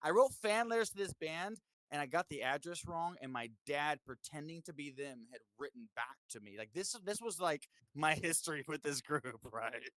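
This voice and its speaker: A man's voice: fairly high pitch, moderate pace, hardly any pauses, no echo. A man, a musician guest, telling stories in a casual interview, swearing freely and acting out other people's lines. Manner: animated storyteller, swears, acts out voices with lots of "like".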